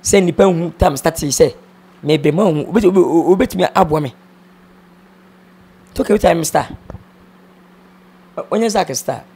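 Husky Ghanaian man, subdued. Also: a little high, normal speed, pauses often, mellow. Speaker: interview guest. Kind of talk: emotional interview talk.

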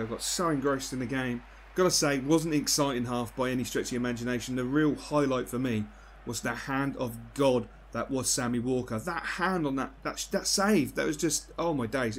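A man giving live commentary on his own football video game, excitable and quick to swear at the play. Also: medium pitch, slight background noise. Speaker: gaming YouTuber.

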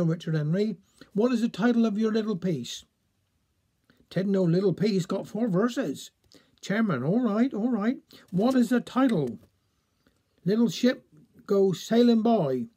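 A man's voice: high voice, dark tone, breathy edge. A man with a Cornish accent reading a dialect story, playfully voicing the villagers.

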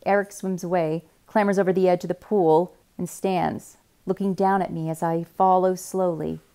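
Woman, lowish voice, quiet measured reading, first-person novel narration. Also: steady tone. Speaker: reader.

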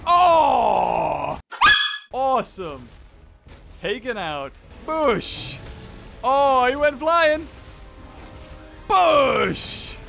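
A man hosting a gameplay video, with playful, excitable commentary, laughing and yelping at the action. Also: very high voice, very slow, vocal fry, long pauses, music in the background. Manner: playful, laughs and yelps at the game. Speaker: gaming video host.

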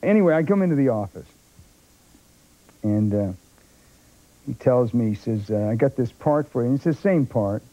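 A man's voice: medium pitch, normal speed, pauses often. An older man, a film actor, telling anecdotes as a talk show guest and acting out the voices of others. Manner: animated storyteller who acts out other people's voices. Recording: dull lo-fi broadcast tape.

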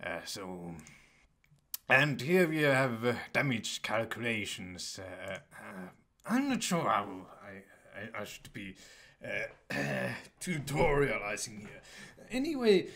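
A man's voice: lowish voice, sing-song, sharp tone. A young man giving casual, hesitant commentary while playing a game, full of fillers. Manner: hesitant, many fillers, slow. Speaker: let's play gamer.

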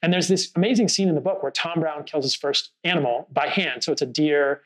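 A man's voice: fairly high pitch, fairly quick, fairly bright tone, rough recording. A man hosting a casual podcast conversation, talking earnestly and thoughtfully, telling a story with frequent fillers. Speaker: podcast host.

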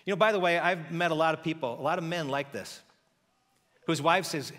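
A man preaching a sermon as pastor, telling a story in a lively conversational way and acting out the characters' voices. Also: on the high side, brisk, in a large hall. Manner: conversational with frequent restarts.

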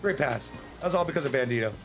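An American man streaming a game, chatting casually in a joking, rambling way and breaking into sudden excited yelps. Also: medium pitch, quick pace, loud music behind the voice. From United States. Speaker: livestreamer. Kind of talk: casual gameplay livestream commentary.

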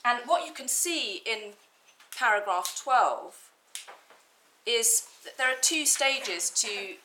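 Bright-voiced woman arguing in court. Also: on the high side, animated, a little hiss or hum, low-quality recording. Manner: measured, precise, stresses key words. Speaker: barrister. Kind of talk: formal legal argument in court.

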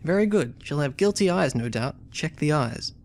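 Man doing a flustered dapper young gentleman. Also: fairly high pitch, animated, moderate pace, a little hiss or hum. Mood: agitated. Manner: agitated, complaining.

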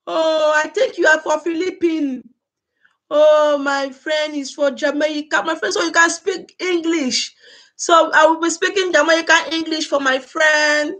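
A woman's voice: high voice, fairly even intonation, measured pace, fairly bright tone. A Nigerian woman hosting a casual livestream on a phone or laptop mic, repeatedly pleading with and effusively thanking her viewers. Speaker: livestream host.

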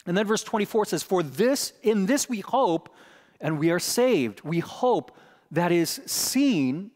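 A middle-aged man preaching a sermon in a chapel and telling a personal story with animated delivery, acting out the voices in his quotes. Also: sits high, slow, in a large hall. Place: large chapel.

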